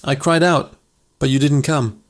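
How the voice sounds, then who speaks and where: A man's voice: mid-range voice, fairly even intonation, measured pace, close to an everyday voice. A man voicing a young prankster shepherd boy who screams in panic. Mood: wailing. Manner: frantic screaming.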